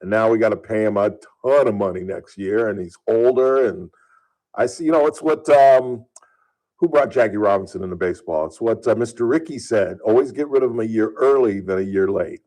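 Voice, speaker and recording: A man's voice: fairly low pitch, a little fast, dark tone, rough recording. A man hosting a talk radio show, chatting casually and introducing his guest. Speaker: radio host.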